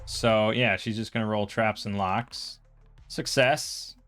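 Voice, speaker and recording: A man's voice: on the low side, steady tone, slow, fairly bright tone, faint music behind. A man playing a solo tabletop role-playing game, reading out rules and rolls and thinking aloud in a casual way.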